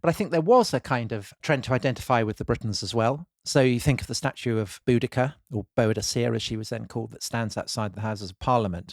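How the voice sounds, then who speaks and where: A British man co-hosting a history podcast, explaining ideas in a thoughtful, measured way. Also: mid-range voice, no room sound. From Britain. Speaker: podcast co-host. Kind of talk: casual history podcast chat.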